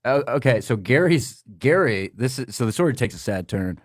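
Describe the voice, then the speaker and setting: A man's voice: medium pitch, big pitch swings, normal speed, dry recording. A man in his thirties trades stories on a casual podcast, laughing often and rambling along. His voice sits in a middle range, recorded close and dry with no room around it. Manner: laughs often while telling a story, loose and rambling. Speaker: podcast co-host. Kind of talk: casual storytelling chat.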